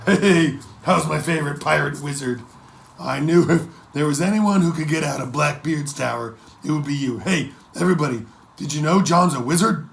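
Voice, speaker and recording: A boastful, jolly pirate king, voiced by a man, blusters loudly with a raised, gravelly voice. He teases and exaggerates in this storybook reading. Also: a little high, normal speed. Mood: jovial. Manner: blustering, teasing.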